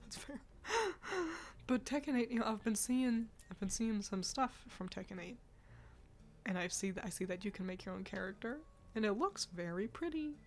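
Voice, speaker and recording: A woman at a mid pitch chatting on a stream, rambling and candid, cursing freely. She sounds a little stuffy-nosed and tired, breaking off into sighs and laughs. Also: expressive, normal speed, slight background noise. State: stuffy nose, yawning. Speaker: streamer reacting to game awards. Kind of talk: casual live-stream chat.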